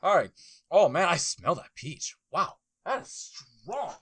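An excitable man chatting through his gameplay in a high, bright voice. He jumps between pitches constantly, yelping and groaning as the game goes on. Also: unhurried, husky, no room sound. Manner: loud, excitable, exclaiming and groaning as he plays. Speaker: gaming video host. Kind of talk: casual gameplay commentary.

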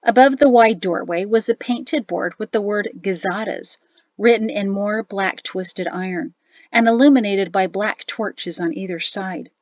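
A woman's voice: mid-range voice, unhurried, a little mellow, no echo, lo-fi sound. Woman narrating an audiobook. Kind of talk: scripted narration.

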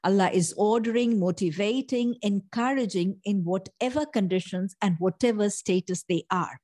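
A middle-aged woman giving a Quran lesson, her voice at an ordinary pitch for a woman. She explains each verse at length and weaves Arabic phrases into her English. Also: moderate pace, hardly any pauses, dark tone. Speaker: Quran teacher.

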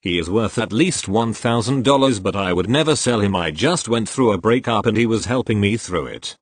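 A man reads forum posts aloud in a lowish voice whose pitch moves a great deal from line to line. He spells out abbreviations letter by letter, and the recording is dry and close, with no room sound. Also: animated, normal speed, breathy edge, no room sound. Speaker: reader of online posts.

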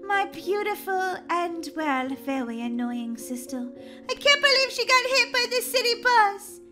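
A woman voicing a grieving, easily shocked girl, shrill and excitable. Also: a little slow, exaggerated voice. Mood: dramatic. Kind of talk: voiced game role-play. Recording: music playing behind.

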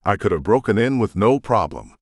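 A man narrating an audiobook and voicing an angry, defensive young woman with a sharp, accusing manner. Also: fairly low pitch, big pitch swings, fairly quick, no room sound, studio quality. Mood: indignant. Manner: indignant, accusing.

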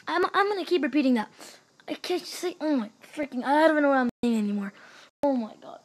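A high-pitched woman narrates her own gameplay in a hyper, gushing rush. She repeats her exclamations over and over and jumps from loud cheering to low mumbled asides. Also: expressive, a little fast. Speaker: gaming channel host. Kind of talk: excited gameplay commentary.

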